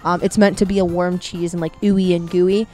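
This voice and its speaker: A woman co-hosting a casual podcast, chatting and reading food and drink items slowly and carefully, recorded outdoors. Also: fairly low pitch, level tone, dark tone. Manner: chatty, reads item names slowly and carefully. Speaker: podcast co-host. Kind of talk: casual chat reading a menu. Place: outdoors at home.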